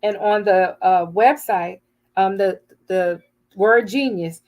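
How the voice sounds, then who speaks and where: Slow, heartfelt older woman host. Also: medium pitch, a little mellow. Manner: heartfelt, earnest, searching for words with fillers. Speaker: host of an inspirational broadcast. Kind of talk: inspirational devotional talk.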